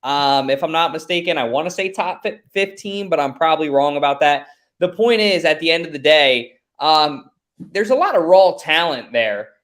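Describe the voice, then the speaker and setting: A man co-hosting a sports podcast, talking casually and thinking out loud with hedges and asides. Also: on the high side, lively intonation, moderate pace. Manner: rambling, hedging, thinks out loud. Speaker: podcast co-host.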